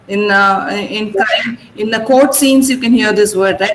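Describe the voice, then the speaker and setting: A woman teaching an online English vocabulary class, repeating words slowly and asking her pupils how to pronounce them. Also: a little high, a bit bright, slight background noise, low-quality recording.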